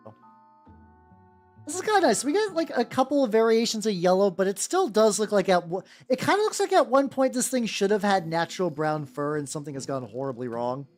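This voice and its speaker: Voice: mid-range voice, lively intonation, brisk, few pauses, faint music behind. A VTuber streamer chatting casually while painting miniatures, rambling and joking, with lots of "like"s and restarts. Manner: rambling, many "like"s and restarts, jokey.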